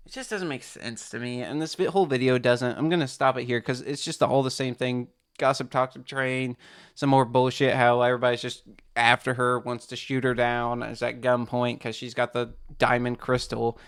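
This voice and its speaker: A man's voice: medium pitch, level tone, normal speed, smooth. A man hosting a reaction video, rambling through casual commentary full of restarts and fillers.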